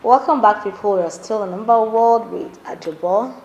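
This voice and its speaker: A woman's voice: medium pitch, normal speed, darkish tone, muffled recording. A woman hosting a talk show, introducing breaks and asking her guest questions. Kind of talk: interview hosting. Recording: echoey studio room.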